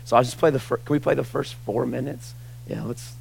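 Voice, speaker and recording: A man's voice: medium pitch, steady tone, a little fast, creaky, darkish tone, breathy edge. A pastor in his forties preaching a sermon to his congregation in a casual, conversational way, often saying "like" and "y'all". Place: church sanctuary with a congregation.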